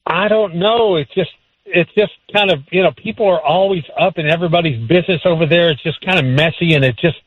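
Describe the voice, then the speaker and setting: A man on a radio call, halting and evasive, full of ums and restarts. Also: fairly high pitch, dry recording, phone-quality sound. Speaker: caller on the phone. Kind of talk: evasive phone conversation.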